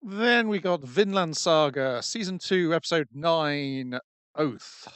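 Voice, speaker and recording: A man's voice: on the high side, expressive, slow, fairly bright tone, clean tone, dry recording. A man co-hosting a casual podcast, introducing and recapping episodes with frequent fillers. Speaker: podcast co-host. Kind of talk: casual anime podcast chat.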